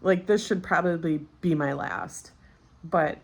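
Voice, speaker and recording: A woman's voice: lowish voice, unhurried. A woman in her thirties telling a personal story as a vlogger, candid and chatty, with many fillers, recently postpartum. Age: 30s. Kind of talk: casual storytelling.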